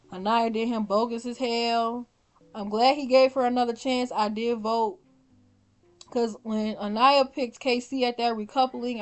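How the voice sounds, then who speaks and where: A young woman vlogger giving casual, opinionated commentary, animated and blunt, often laughing and swearing. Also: a little high. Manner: animated, swears, laughs often, mimics her own reactions. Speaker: vlogger ranking reality show contestants.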